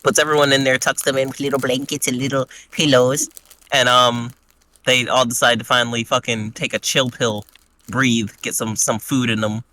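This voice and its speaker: Bright-voiced man in crude, joking chat. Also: medium pitch, moderate pace. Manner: crude, joking, animated retelling. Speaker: podcast co-host recapping a tabletop game. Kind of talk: casual chat.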